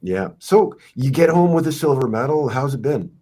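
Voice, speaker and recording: A middle-aged man hosting a sports podcast, telling stories in a rambling, halting way with many fillers. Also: mid-range voice, expressive, mellow. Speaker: podcast host and wrestling coach. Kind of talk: podcast interview.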